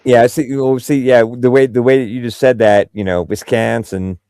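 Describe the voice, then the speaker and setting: A man's voice: mid-range voice, fairly even intonation, normal speed, warm tone, smooth, no room sound, studio quality. A man from Central Ohio with a Midwestern accent, chatting casually with many fillers and restarts. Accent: Midwestern American. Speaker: podcast host. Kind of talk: casual chat.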